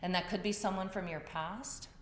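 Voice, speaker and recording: A woman teaches yoga in a classroom, talking with the group in a relaxed, story-telling way. Her voice is medium in pitch at a normal speed. There's echo, faint ambience and slight background noise in the recording.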